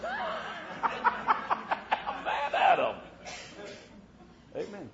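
A man preaching a sermon in a folksy storytelling way, dotting his talk with amen and swinging between loud and hushed. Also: medium pitch, moderate pace. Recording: muffled lo-fi with faint hiss.

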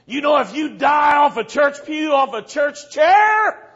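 A preacher delivering a fiery revival sermon in church, moving from low storytelling to shouted warnings. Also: male voice, big pitch swings, a little slow. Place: church service. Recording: dull lo-fi recording.

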